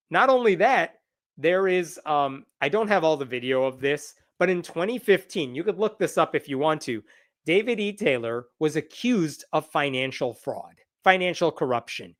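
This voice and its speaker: Brief: high-voiced male host, sarcastic and incredulous, live news commentary. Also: lively intonation, normal speed.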